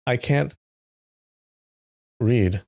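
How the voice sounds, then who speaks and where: Very slow and gravelly, his medium-pitched voice carries a live stream where he reads a novel. The man chats casually with viewers, greeting them by name and slipping in animated asides.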